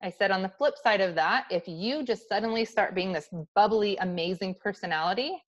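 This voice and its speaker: A woman in her thirties hosts a livestream, chatting candidly and casually with her live viewers and restarting often. Her voice is medium-pitched and a little fast.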